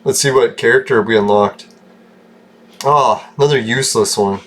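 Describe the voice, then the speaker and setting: A man's voice: medium pitch, moderate pace, a bit bright. A man from Canada giving rambling, casual commentary over gameplay, joking, swearing and laughing often. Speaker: gaming channel host.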